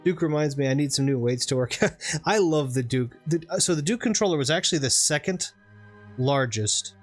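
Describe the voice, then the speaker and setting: A man's voice: on the high side, moderate pace, faint music behind. A man from the southern United States with no regional accent, chatting casually in a rambling, discursive way while co-hosting a gaming stream. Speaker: gaming channel co-host. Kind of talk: casual chat over gameplay.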